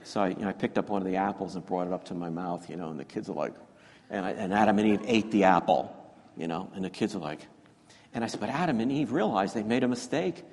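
In an echoey church hall, a male pastor tells a children's story during his sermon in the sanctuary. His voice is low and slightly dark, and he talks quickly in a chatty, self-deprecating way, full of fillers and restarts.

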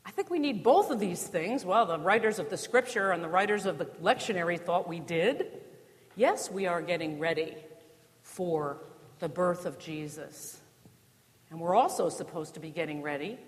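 With an expressive voice on the low side and a moderate pace, a New Jersey woman gives a sermon in church. She keeps it conversational, tossing in rhetorical questions and dry humor, and the church's long reverb is audible.

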